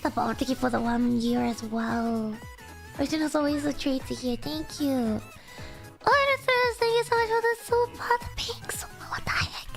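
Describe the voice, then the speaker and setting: Woman streamer, high and bouncy voice, giggly rambling chat, a bit gravelly from morning sleepiness, soft music underneath. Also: expressive, normal speed. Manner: bubbly, giggly, rambling with many fillers. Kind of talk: casual chat reading donations.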